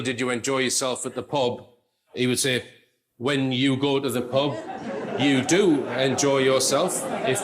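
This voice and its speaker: A man's voice: medium pitch, a bit bright. A man presenting an analytical commentary in a conversational way, explaining with asides.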